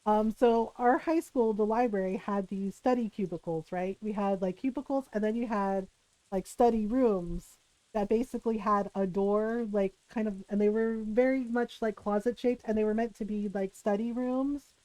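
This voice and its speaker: A woman's voice: mid-range voice, steady tone, normal speed, dark tone, dry recording, low-quality recording. A young adult woman streamer casually telling a story in a chatty way, full of "like" and "right?".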